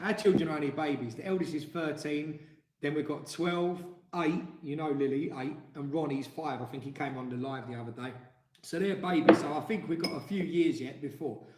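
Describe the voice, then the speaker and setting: A man's voice: on the high side, brisk, reverberant, background noise. A man in his forties with an East London accent, co-hosting a casual live-stream chat and joking with viewers. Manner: jokey, banters and teases. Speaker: co-host.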